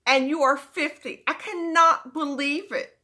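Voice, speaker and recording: A woman's voice: high-pitched, unhurried, bright, forceful tone, slight background noise. A woman voicing a brassy, doting older Southern mother with a put-on Southern drawl, teasing and showy. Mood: sassy. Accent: put-on American Southern. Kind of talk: comic character video greeting.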